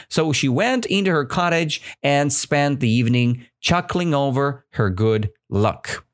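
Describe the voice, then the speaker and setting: A man's voice: mid-range voice, lively intonation, measured pace. A man teaching English who walks learners through a story, often checking in with "right?". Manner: repeats words and checks in with "right?".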